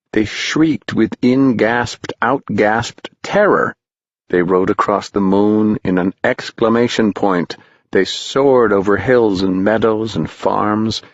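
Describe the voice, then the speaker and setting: A man reading a story aloud as an audiobook narrator, with a measured, rhythmic delivery. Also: fairly low pitch, no room sound. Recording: dull lo-fi dry recording.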